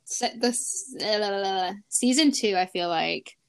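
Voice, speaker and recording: A woman's voice: mid-range voice, normal speed, gravelly. Young woman, podcast co-host, bubbly, giggly, filler-heavy chat. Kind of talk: casual chat.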